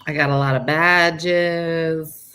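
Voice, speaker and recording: A woman's voice: low voice, steady tone, slow, pushed and bright, clean tone. A middle-aged woman chatting casually on a morning live stream, rambling and answering viewers' comments.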